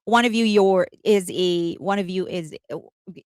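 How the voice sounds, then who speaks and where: A woman's voice: mid-range voice, normal speed, darkish tone, clear, resonant tone, no room sound. Chatty lady host rambling on, giggly, fixes her own words a lot, dry sound. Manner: chatty, giggles often, corrects herself mid-sentence. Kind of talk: casual commentary.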